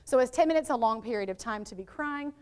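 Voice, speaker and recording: A woman presenting a literacy workshop to teachers, lively and quizzing her live audience with questions. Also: on the high side, fast, clean tone. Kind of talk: interactive teacher training workshop. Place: training room with live audience.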